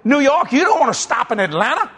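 A man preaching a sermon, telling a story with shouts and acting out both sides of the exchange. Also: very high-pitched, big pitch swings, fast. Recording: live with a faint crowd and noise.

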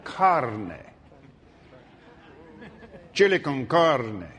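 A man preaching a sermon in a folksy, animated way, breaking into shouts and laughter. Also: medium pitch, very slow, a little hiss or hum. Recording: long hall reverb.

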